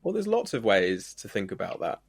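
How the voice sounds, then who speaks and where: A man's voice: fairly low pitch, huge pitch swings, normal speed, gravelly, slightly rough, no echo, clean studio sound. A man co-hosting a podcast, talking through ideas thoughtfully and building his points with examples. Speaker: podcast co-host. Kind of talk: reflective podcast conversation.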